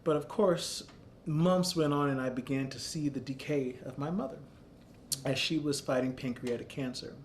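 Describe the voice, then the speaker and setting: A man in his thirties tells a personal story in an earnest, reflective way. His voice sits at a middle pitch, and he talks steadily and thoughtfully. A faint low rumble hums behind him. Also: moderate pace. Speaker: founder of an arts center.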